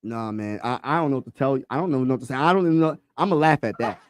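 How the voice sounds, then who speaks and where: A man hosting a casual sports talk livestream, excitable and slangy, repeating himself and talking to his chat. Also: medium pitch, fast, clear, resonant tone.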